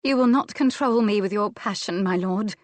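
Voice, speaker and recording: A woman's voice: mid-range voice, normal speed, no echo, lightly acted. A woman voicing Jasmine, a spirited, imperious young noblewoman who speaks with passion. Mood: ardent. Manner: imperious and impassioned.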